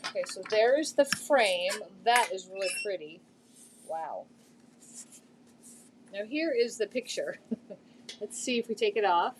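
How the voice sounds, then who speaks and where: A woman's voice: mid-range voice, expressive, slow pace, long pauses, a little hiss or hum. A middle-aged woman chatting casually on a live stream about a thrift find, rambling a little with lots of fillers.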